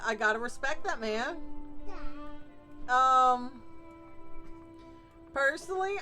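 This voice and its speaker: Slow, high-voiced chatty woman streamer. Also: pushed and bright. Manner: chatty, laughs often, reacts to chat. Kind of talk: casual live-stream chat while gaming.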